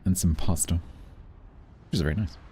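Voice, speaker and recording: A man's voice: low-pitched, fairly even intonation, unhurried, warm tone, a little hiss or hum. A British man streaming a game, chatting casually with his viewers in a rambling, dry, self-mocking way. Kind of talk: casual chat while gaming.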